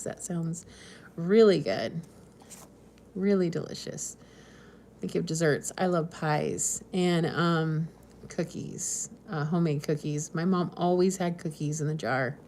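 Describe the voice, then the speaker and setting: A woman's voice: low-pitched, fairly even intonation, slow pace, a little mellow, a little hiss or hum. A woman from the West Coast hosting a casual live stream, chatting and reading viewer comments in a meandering way with frequent ums and small laughs. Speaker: homesteading channel host.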